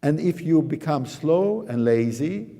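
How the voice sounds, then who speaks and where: Speaking with a fairly high pitch, lively intonation, and vocal fry, a male piano teacher unhurriedly coaches a student in a master class. He stresses points emphatically and sings phrases on "pa" and "da." Background noise and loud piano fill a hall with long reverb.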